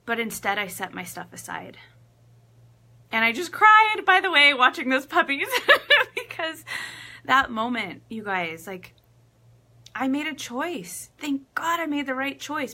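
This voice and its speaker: A woman relationship coach telling a personal story to camera in a casual, animated way, acting out quotes and getting emotional. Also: medium pitch. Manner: laughs often, emotional.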